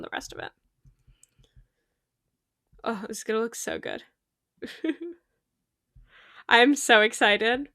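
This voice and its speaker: A young woman chatting casually while streaming a game, bubbly, giggly and easily excited, talking to friends in the game. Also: on the high side, creaky, dry recording, studio quality. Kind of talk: casual gaming stream chat.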